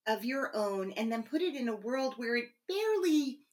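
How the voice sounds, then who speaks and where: A woman's voice: fairly high pitch, big pitch swings, moderate pace. A woman hosting a podcast interview, speaking in a gushing, effusive way to her guest and then closing the show. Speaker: podcast host.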